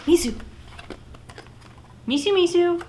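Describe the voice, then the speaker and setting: A woman's voice: very high voice, animated, slow, mellow, a little hiss or hum, low-quality recording. A young woman in her twenties chatting casually at home through a camera mic, often breaking off to scold and praise her puppy. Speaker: vlogger. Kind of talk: casual unboxing vlog.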